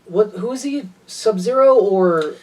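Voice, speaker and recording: A man talking in a fairly high voice, enthusiastic and gushing as he rambles through his thoughts with frequent restarts. He sits a little back from the microphone, so the sound is slightly distant. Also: animated, unhurried, darkish tone. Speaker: podcast co-host. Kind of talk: casual chat.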